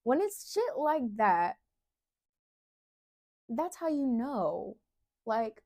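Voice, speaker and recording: A woman's voice: fairly high pitch, big pitch swings, darkish tone. Candid young woman vlogger. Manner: candid, slow emphatic phrasing, talks to viewer as "babe". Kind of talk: casual advice monologue to camera.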